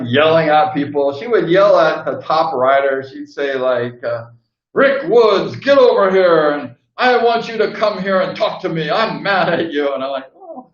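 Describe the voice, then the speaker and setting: An older man rambling through old stories in a casual monologue, laughing now and then and acting out the people he quotes. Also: a little high. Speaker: host. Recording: roomy, distant, dull sound.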